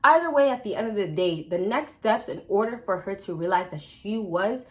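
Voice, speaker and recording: A woman vlogger giving casual dating advice straight to her viewers, chatty and direct, often calling out to the guys and checking in with a quick question. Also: medium pitch, expressive. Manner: chatty, repeatedly addresses "fellas" and checks with "right?". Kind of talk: casual advice talk to camera.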